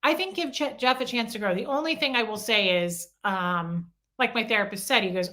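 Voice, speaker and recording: A woman's voice: a little high, fairly quick, hardly any pauses, pushed and bright. A middle-aged woman hosting a casual livestream, chatting and answering viewer comments by name. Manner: coos baby talk at her small dog.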